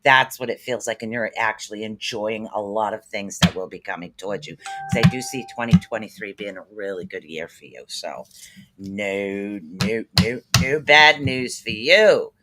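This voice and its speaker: A man's voice: on the low side, fairly quick. Man chatting on a noisy live stream. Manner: greets viewers by name, chatty with fillers. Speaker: spirit reader hosting a live stream. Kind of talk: casual live-stream chat.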